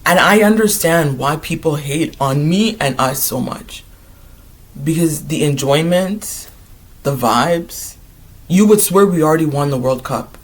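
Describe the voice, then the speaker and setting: Chatty, excitable man with a higher voice. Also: a little slow. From Ghanaian heritage. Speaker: vlogger. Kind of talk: casual vlog chat.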